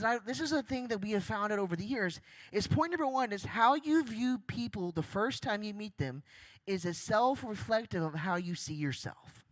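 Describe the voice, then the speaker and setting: A young man giving an energetic church talk, chatty and jokey, asking the crowd questions. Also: high-pitched, no room sound. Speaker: guest speaker. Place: church stage.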